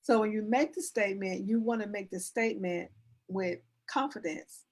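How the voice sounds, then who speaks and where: An etiquette and image consultant talks in a casual interview, earnestly teaching through everyday examples and demonstrating sentence endings, often restarting her sentences. Her voice is medium-pitched and a little mellow, at a moderate pace.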